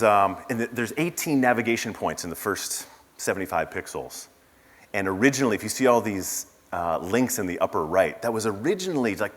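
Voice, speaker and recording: A man speaking at a conference, telling stories in a casual way with asides and fillers. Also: deep voice. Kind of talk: conference keynote talk. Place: large conference hall. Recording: reverberant conference hall.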